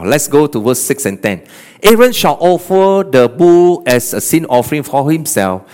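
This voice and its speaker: A male pastor preaching a sermon, animated, often checking in with "okay" and "all right?". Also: mid-range voice. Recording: long hall reverb.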